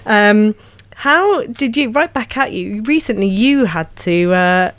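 A woman's voice: medium pitch, lively intonation, slow pace, dry recording. Chatty Home Counties Englishwoman, dry sound. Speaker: podcast co-host, stage actor. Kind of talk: casual chat.

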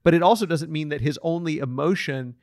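Earnest man, fairly high voice. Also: brisk, a little mellow, dry recording, studio quality. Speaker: podcast co-host. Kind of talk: casual Bible study discussion.

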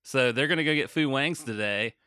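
A man co-hosting a podcast in casual chat, rambling and self-deprecating, quick to laugh. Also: mid-range voice, pushed and bright, clear, resonant tone, dry recording, studio quality. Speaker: podcast co-host.

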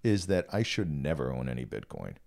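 Guy radio host, lively swoopy voice, laughs a lot, keeps it loose. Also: a bass voice, a little fast, vocal fry. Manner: laughs often, animated storytelling. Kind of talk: casual morning-show banter.

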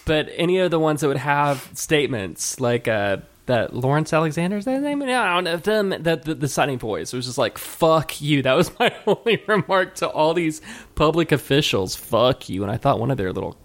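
Animated swearing woman ranting. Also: sits low, fairly quick. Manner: animated, swearing, laughing often. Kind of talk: profane political banter.

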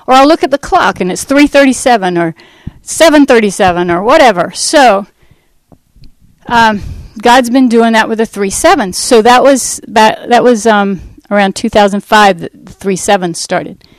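Woman, slightly high voice, dry close sound; church testimony, lively storyteller who acts out dialogue. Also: moderate pace, no echo, poor audio. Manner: animated storytelling that acts out quoted speech; rambling, with fillers and restarts. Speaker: Christian ministry speaker. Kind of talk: personal faith testimony to a church audience.

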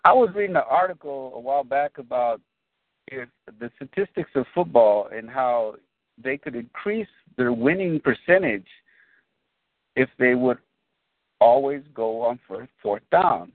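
A man co-hosting a casual sports podcast, rambling and restarting his sentences, getting animated when he explains a point. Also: medium pitch, measured pace, no echo. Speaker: podcast co-host. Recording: dry, phone-like lo-fi audio.

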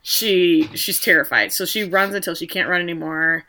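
A woman's voice: on the low side, moderate pace. A woman co-hosting a podcast, casually retelling a TV episode and acting out the characters' lines. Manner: lively storyteller, acts out quoted characters. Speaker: podcast co-host. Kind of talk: casual TV recap chat.

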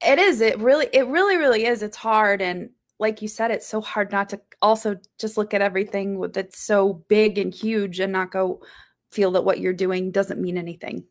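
A woman's voice: medium pitch, normal speed. A woman podcast host, encouraging and a little emotional, rambling as she thanks her guest. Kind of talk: supportive podcast conversation.

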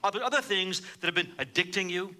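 A high, very bright male voice delivering a sermon. He swings from hushed, low lines to loud, ringing declarations. He leans on repetition to drive points home. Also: fast. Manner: dramatic preaching, swinging between hushed and loud; repeats phrases for emphasis. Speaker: pastor.

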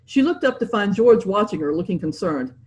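A woman narrating a novel in an expressive storytelling manner. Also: mid-range voice, brisk. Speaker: audiobook narrator. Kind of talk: scripted narration.

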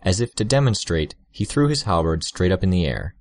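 A man with a very low voice narrates an audiobook in an even, first-person storytelling manner. The recording is close and dry, with no room sound. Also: fairly quick, no room sound.

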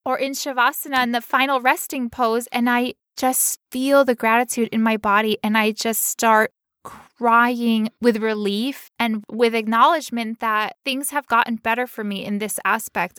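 A woman's voice: fairly high pitch, fairly bright tone, smooth, no room sound, studio quality. A young woman co-hosting a podcast, talking candidly and emotionally, with frequent laughs. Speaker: podcast co-host. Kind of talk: personal, emotional podcast talk.

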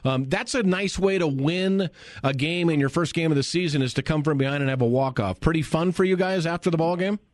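A man's voice: fairly high pitch, brisk, no echo. A man hosting a live radio sports show from a studio, chatty and folksy with lots of fillers.

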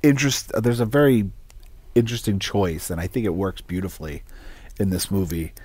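A man in casual conversation about a movie, lively and thoughtful, chuckling between points. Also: sits low, brisk, breathy edge, no echo.

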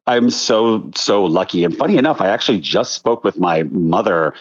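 A man's voice: sits low, expressive, moderate pace. A man in his thirties from the Philadelphia area, a choreographer chatting as an interview guest, telling stories animatedly with many restarts. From Delaware County outside Philadelphia, USA. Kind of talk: casual interview chat. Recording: dull lo-fi recording.

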